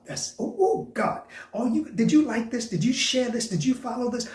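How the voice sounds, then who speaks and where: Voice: mid-range voice, lively intonation, moderate pace, darkish tone. Emphatic repetitive preacher in a roomy space. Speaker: preacher hosting a faith broadcast. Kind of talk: sermon.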